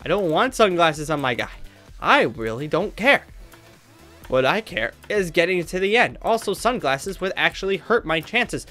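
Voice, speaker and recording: A man's voice: a little high, big pitch swings, normal speed, sharp tone. Frustrated young man's gameplay commentary. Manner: frustrated, talks to himself, swings between mutters and outbursts. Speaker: gaming youtuber. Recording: faint game music behind.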